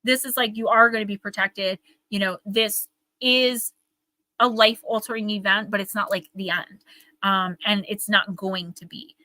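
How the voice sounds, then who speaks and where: A woman's voice: mid-range voice, fairly even intonation, moderate pace, sharp tone, dry recording, poor audio. A young woman hosting a live oracle card reading, talking in a rambling, earnest, emotional way. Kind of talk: live-stream card reading, casual chat. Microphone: live-stream microphone.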